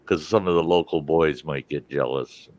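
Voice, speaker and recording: A man's voice: extremely low pitch, moderate pace, a little mellow, dry recording, lo-fi sound. An older man hosting a casual chat, rambling through stories and laughing often. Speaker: host.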